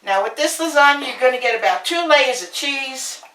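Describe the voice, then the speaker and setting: Her voice sits high and sounds expressive, bright and forceful, delivered at normal speed. The Brooklyn-born host, with her New York accent, runs a home cooking demonstration full of chatty, brash storytelling. Recorded from across the kitchen on a camera mic, the room sounds echoey and distant.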